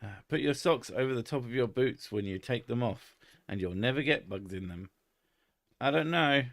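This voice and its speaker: A man's voice: mid-range voice, animated, moderate pace, no echo. Man, streamer, crude jokes, swearing, dry close mic. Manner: crude, joking, swears often. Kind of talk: casual chat.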